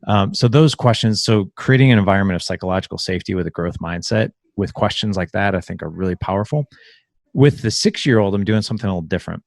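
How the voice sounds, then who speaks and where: A man's voice: low-pitched, gravelly, no echo, clean studio sound. A middle-aged man in casual conversation as a podcast guest, talking from home on a video call and animatedly acting out bits of family dialogue. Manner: animated, acts out family dialogue in quick voices. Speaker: podcast guest, fellow father.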